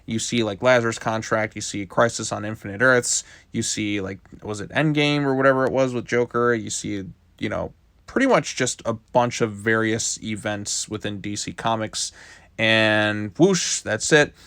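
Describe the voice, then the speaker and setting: A man's voice: lowish voice, moderate pace, a bit bright, no echo. A man giving a casual video review of a comic book, loosely retelling the plot with lots of "like" fillers.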